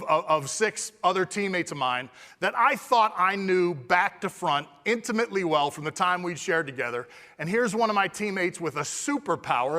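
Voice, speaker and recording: A middle-aged man from California giving a storytelling keynote speech, animated and acting out dialogue. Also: high-pitched. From California, USA. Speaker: keynote speaker. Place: conference hall. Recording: long reverb of a large hall.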